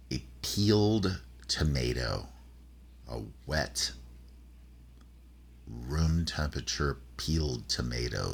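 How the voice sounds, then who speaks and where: Casting note: middle-aged man, very deep, slow, husky, halting fireside storytelling. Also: a bit bright. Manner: rambling, halting, many fillers and restarts. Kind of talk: personal storytelling.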